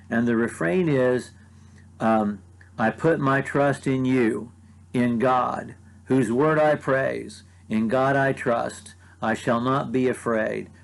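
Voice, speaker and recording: A man with an American accent giving a short devotional talk as a preacher. He reads scripture aloud and reflects on it earnestly, slowing down to stress key phrases and often restarting his sentences. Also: medium pitch, creaky, rough recording. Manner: earnest, with frequent restarts and repeated words.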